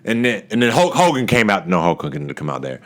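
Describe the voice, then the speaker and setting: A man giving a casual wrestling show recap, animated, often laughing and acting out wrestlers' lines in raised voices. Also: fairly low pitch, quick pace.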